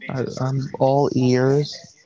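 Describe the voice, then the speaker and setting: A man's voice: medium pitch, completely flat delivery, extremely slow, mellow, muffled recording. A man voicing a shy, hesitant teenage girl. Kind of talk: improvised fan role-play.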